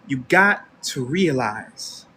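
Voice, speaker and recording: A man's voice: mid-range voice, lively intonation, slow, sharp tone, slight background noise. An American man hosting an online radio show, delivering a confrontational, preachy commentary monologue straight at his listeners. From United States.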